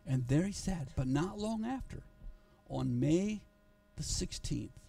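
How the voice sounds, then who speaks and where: A male pastor tells a story in a church sermon, earnest and often restarting his phrases. His voice sits slightly high with a gravelly, mellow edge. The mic picks him up from some distance in the sanctuary. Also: lively intonation, slow pace.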